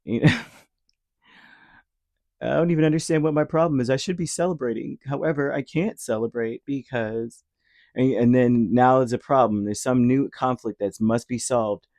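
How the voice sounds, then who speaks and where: A man's voice: medium pitch, normal speed, darkish tone, no echo, studio quality. A man giving a casual tarot reading, rambling with many fillers and slipping into short acted-out quotes. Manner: rambling, filler-heavy, acts out little imagined quotes. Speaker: tarot reader.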